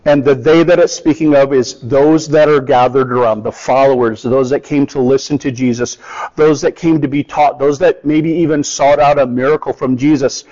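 A man's voice: medium pitch, fairly even intonation, normal speed, a little mellow. A man preaching a sermon in a conversational way, acting out the people he quotes. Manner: conversational, acts out quoted voices. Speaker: pastor. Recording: dull lo-fi with long hall reverb.

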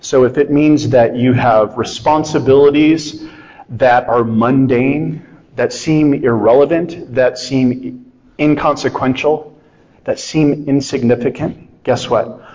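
A middle-aged man delivers a sermon as a pastor, speaking conversationally rather than formally. His voice sits in a mid-range pitch, and he keeps an animated, lightly humorous tone throughout. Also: slow pace, rough recording. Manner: conversational, animated preaching with self-deprecating humor.

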